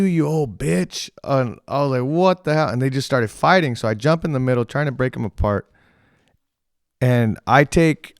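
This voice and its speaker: A young man hosting a podcast, telling a story in a rambling, profane, animated way and quoting the people in it. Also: fairly low pitch, clear, resonant tone, no room sound, clean studio sound. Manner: rambling, profane, animated retelling with quoted voices. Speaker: podcast host. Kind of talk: casual storytelling.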